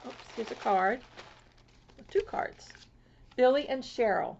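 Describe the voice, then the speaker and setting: A woman from Florida chatting casually to her viewers as she opens mail, gushing and excitable and swooping high over each gift. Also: slow pace, vocal fry. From Florida, USA. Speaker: crafting vlogger. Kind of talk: casual chat opening mail. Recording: lo-fi home video sound.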